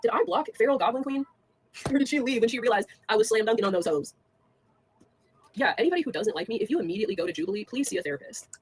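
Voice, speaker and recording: Young woman livestreaming, rattling off a rant super fast, lots of likes and ums, bit of hiss behind. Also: a little high, animated, darkish tone. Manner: fast, filler-heavy and scornful, laughing between jabs.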